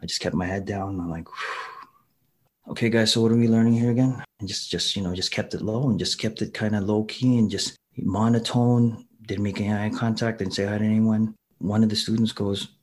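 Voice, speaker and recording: Lively, joking man with a low voice. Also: fairly quick, hardly any pauses. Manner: animated, acts out quoted dialogue with humor; frequent restarts and fillers. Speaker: guest, college instructor. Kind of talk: casual conversational storytelling.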